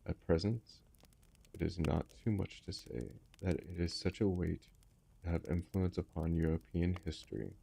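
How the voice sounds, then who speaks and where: A masked Bohemian nobleman, imposing and secretive, as a man reads him in a storybook. He speaks formally and guardedly in a low, gravelly, husky voice with a dark tone. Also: moderate pace, exaggerated voice.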